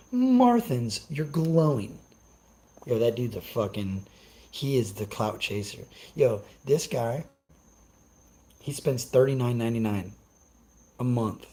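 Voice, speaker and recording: A man's voice: lowish voice, warm tone, poor audio. A young man on a casual live stream, ranting brashly and cursing as he answers his chat. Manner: profane, brash, trash-talking.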